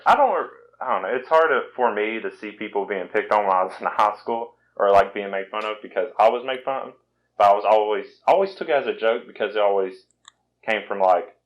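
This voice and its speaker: A man's voice: fairly low pitch, highs cut off. A man in his twenties with a Southern American accent, from Virginia, hosting a casual podcast chat in a rambling, self-deprecating way. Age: 20s. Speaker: podcast host.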